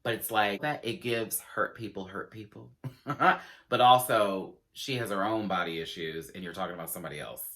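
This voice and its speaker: A man giving a casual, sassy review of a show, acting out quotes in dramatic voices and laughing often. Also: normal speed. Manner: sassy, animated, acts out quotes with big pitch jumps.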